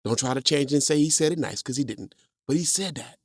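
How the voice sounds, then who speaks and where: Animated storytelling man, lively pitch. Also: fairly quick, dry recording, clean studio sound. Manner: animated, laughs often, repeats words, acts out quotes. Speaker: podcast host. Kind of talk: casual storytelling monologue.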